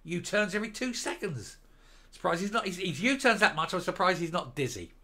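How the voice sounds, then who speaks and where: An older man delivers political commentary, reading headlines aloud and then tearing into them with scorn and mockery. His voice is bright and forceful. It also sits slightly high for a man. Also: lively intonation, brisk. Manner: sarcastic, mocking, scornful. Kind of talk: reading news and ranting.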